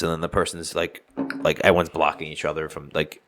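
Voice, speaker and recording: A man's voice: deep voice, fairly even intonation, fast talker, a bit bright, slight background noise. A man co-hosting a casual podcast, ranting bluntly and swearing freely. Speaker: podcast co-host.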